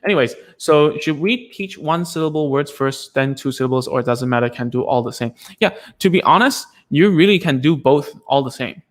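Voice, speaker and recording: A man's voice: a little high, expressive, brisk, hardly any pauses. A man, a speech therapist, teaching in a casual live session, chatty and self-deprecating with many fillers and restarts.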